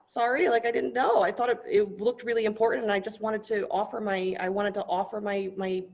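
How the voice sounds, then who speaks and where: A woman's voice: medium pitch, steady tone, a little fast, creaky, a little mellow, voice pushed up, natural voice. A woman voicing an earnest, simple-hearted male hunter who apologizes and stammers. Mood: apologetic. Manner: apologetic and stammering, eager to please.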